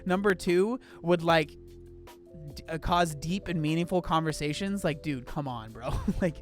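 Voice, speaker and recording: A young man with a somewhat high voice, talking casually over faint background music. He reacts in disbelief, tosses in slang and fillers, and sounds like a relaxed host giving his own commentary. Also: normal speed.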